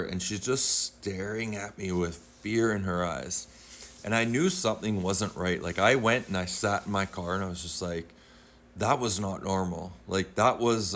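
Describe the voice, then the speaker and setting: A middle-aged man with a low, deep voice tells a spooky personal story at an easy, rambling pace. He keeps slipping into fillers and acts out what people said to him. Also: a bit bright, slight background noise. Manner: rambling, conversational, with many fillers and reenacted quotes. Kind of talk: casual paranormal storytime.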